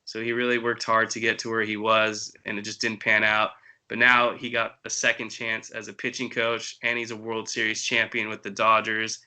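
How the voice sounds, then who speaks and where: Brief: male sports podcast host, even and level, crisp bright tone. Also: lowish voice, moderate pace, poor audio. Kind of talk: casual sports chat.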